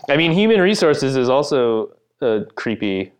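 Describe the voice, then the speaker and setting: A man's voice: medium pitch, very animated, moderate pace. Thoughtful, hesitant man. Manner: thoughtful, hesitant, laughs easily. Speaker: guest author. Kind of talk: casual podcast chat.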